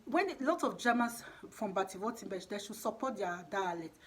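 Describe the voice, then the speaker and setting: A woman talks straight to her audience in a casual vlog monologue, her voice husky with a breathy edge. Her English is non-native and loosely put together, and she leans on repetition to drive each point home. Her pitch sits in a middle range. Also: lively intonation, a little fast. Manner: emphatic, repeats herself for stress. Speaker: vlogger.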